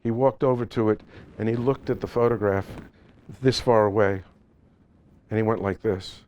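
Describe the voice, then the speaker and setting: A middle-aged or older photographer telling animated, joking stories at a live seminar with slides. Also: male voice, lowish voice, moderate pace, clean tone, highs cut off. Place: seminar event space.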